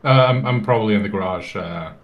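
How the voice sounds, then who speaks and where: A man's voice: fairly low pitch, quick pace, highs cut off. A man playing a tabletop game, speaking hesitantly with many uhs. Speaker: player. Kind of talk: in-character tabletop chat.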